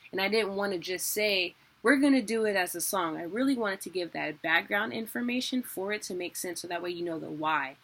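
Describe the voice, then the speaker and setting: Young woman, bright tone, lowish pitch; chatty self-deprecating teacher for an online lesson.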